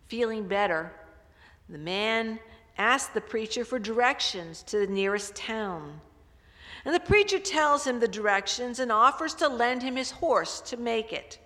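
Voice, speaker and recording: A woman pastor preaching a sermon, telling stories and building louder for emphasis. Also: a little high, expressive, measured pace, big-room sound. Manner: storytelling, swelling louder for emphasis.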